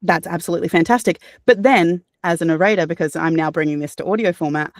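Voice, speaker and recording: A woman's voice: fairly low pitch, quick pace, no echo. Chatty Australian woman narrator, dry sound. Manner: animated, chatty, many fillers and restarts. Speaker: guest, voice actor and audiobook narrator. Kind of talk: casual interview answer.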